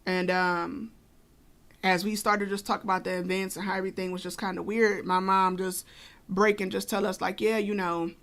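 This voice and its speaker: A woman's voice: medium pitch, level tone, moderate pace, fairly bright tone. A woman co-hosting a podcast, telling a personal story casually with many fillers and asides. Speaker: podcast co-host.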